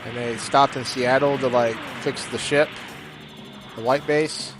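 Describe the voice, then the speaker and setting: A man's voice: medium pitch, measured pace. Jokey man commenting over game music. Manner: jokey, rambling, bursts of loud excitement. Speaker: gaming YouTuber. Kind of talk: gameplay commentary.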